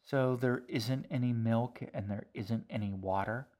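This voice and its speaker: A man reading an audiobook voices a proud, sharp-tongued young girl who speaks in a withering, sarcastic way. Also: mid-range voice, fairly even intonation, a little slow, lightly acted.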